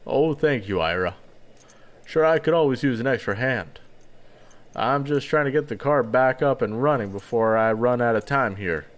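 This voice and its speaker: A man voicing a patient, tired farmer father who talks softly and kindly. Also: animated, normal speed, close to an everyday voice. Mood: gentle. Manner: soft, kindly, low-key.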